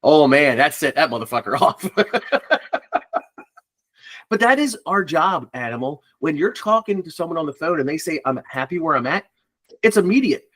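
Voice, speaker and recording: A man's voice: on the high side, animated, normal speed, fairly bright tone. A man who is a recruiter, chatting casually and bluntly, swearing and acting out phone calls. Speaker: recruiter guest. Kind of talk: casual podcast chat.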